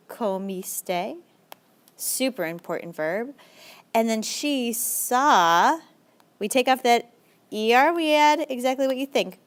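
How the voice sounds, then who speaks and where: In this recorded language lesson, a young woman teaching Spanish keeps things brisk and chatty. Her tone is encouraging, with lively leaps in pitch.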